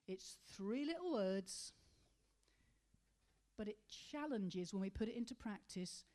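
A woman preaching a sermon, asking rhetorical questions and slowing to stress key words. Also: medium pitch, warm tone.

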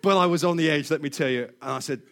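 A middle-aged man preaches, telling a personal story with animation, laughing often and repeating words. His voice is slightly high and he talks fast.

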